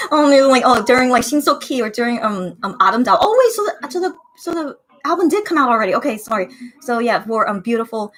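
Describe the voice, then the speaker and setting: A woman's voice: on the high side, lively intonation, a little fast, a bit bright. Gushing young woman streaming a watch party. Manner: gushing, emotional, chatty, reads out chat comments. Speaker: livestream host reacting with fans. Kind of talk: casual watch-party livestream.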